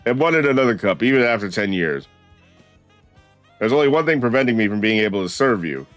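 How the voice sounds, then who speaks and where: Man voicing courteous retired barista, mock French accent, hammy read, lowish voice, dry close sound. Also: animated, a little fast, a bit bright, dry recording, soft background music. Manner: hammy, read-aloud game dialogue. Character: old male former cafe barista, polite.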